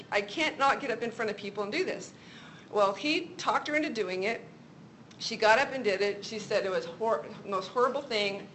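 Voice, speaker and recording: A woman's voice: a little high, fairly bright tone, a little hiss or hum, rough recording. A middle-aged woman co-hosting a Christian talk show, giving an earnest faith teaching and telling personal stories. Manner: earnest, testimony-style storytelling.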